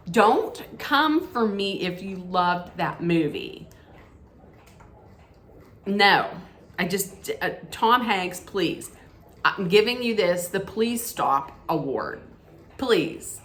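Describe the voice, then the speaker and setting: A woman's voice: mid-range voice, fairly bright tone. A woman vlogger handing out mock movie awards, talking casually and bluntly, often restarting and laughing. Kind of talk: casual opinionated vlog talk.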